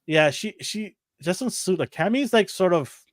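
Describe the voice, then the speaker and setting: A man's voice: sits high, animated, a little slow, dry recording, clean studio sound. A man co-hosting a casual chat show, rambling, repeating himself and laughing often. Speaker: co-host.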